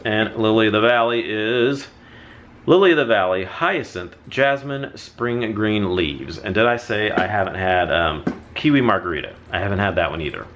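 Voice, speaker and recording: Low-voiced man chatting about candles. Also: expressive, moderate pace, few pauses, fairly bright tone, a little hiss or hum. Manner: chatty, rambling, with self-corrections. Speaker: candle haul vlogger. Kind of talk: casual product review.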